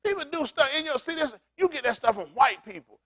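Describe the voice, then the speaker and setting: High animated male preacher with AAVE. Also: quick pace. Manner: loud, animated street preaching, laughing asides. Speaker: pastor. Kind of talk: loose preaching to a congregation.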